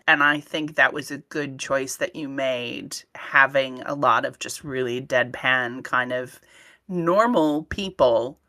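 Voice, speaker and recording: Thoughtful woman on a podcast, deep for a woman, bright edge, slightly hesitant. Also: takes it slowly. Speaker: podcast co-host asking questions. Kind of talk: casual chat.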